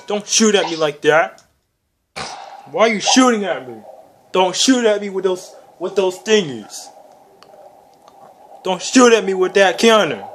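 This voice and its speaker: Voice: medium pitch, noisy background, natural voice. A performer voicing a raging puppet hand. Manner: yells insults and exasperated questions. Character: hot-tempered puppet hand raging at a video game. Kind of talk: comedic gameplay commentary in character. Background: video game music.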